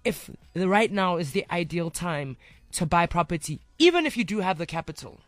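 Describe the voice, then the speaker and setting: A young woman with a South African accent, hosting a casual radio chat as an animated storyteller. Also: fairly low pitch, moderate pace, no echo. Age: young adult. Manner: animated storyteller, acts out quoted voices. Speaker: radio host.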